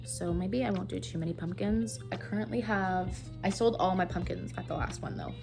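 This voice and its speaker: A woman's voice: mid-range voice, fairly quick, gravelly, over music. A young woman from Canada, a crochet vlogger who chats casually and rambles with lots of fillers while she works, recorded on her phone. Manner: chatty and rambling, with many fillers.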